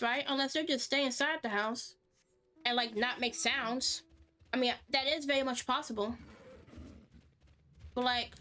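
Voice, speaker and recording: Chatty woman streamer, high-ish voice, blunt and profane, game music faint under her. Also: a bit bright. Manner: exclamatory, swearing, chatty. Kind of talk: casual gaming stream commentary.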